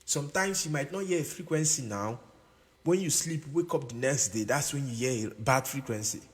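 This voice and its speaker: At a normal speed and medium pitch, a man gives an easygoing music production tutorial while playing a keyboard. He often repeats himself and checks that the listener understands. It's recorded in a room with long reverb, and keyboard music plays behind him.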